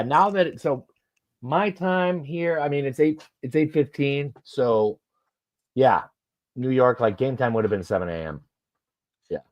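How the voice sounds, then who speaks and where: A man's voice: medium pitch, no room sound. Rambling American man, muffled audio. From United States. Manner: rambling, swears casually, says "man" and "like". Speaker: co-host of football watchalong stream. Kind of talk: casual chat. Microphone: webcam stream mic, video call.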